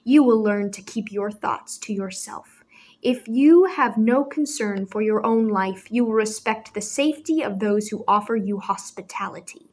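A woman voicing a stern, authoritative older father who speaks in measured, grave tones. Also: mid-range voice, darkish tone, husky, natural voice. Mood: warning.

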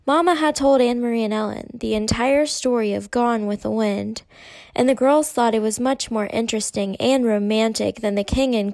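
A woman narrating an audiobook chapter in a measured storytelling manner. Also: a little high, darkish tone, no room sound. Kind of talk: scripted narration.

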